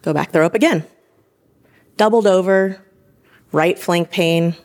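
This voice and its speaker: A woman in her thirties, an emergency room provider, telling her own story in an interview, lively and animated. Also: on the low side, unhurried. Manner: lively, animated retelling with laughs and acted-out quotes. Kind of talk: personal story told in interview.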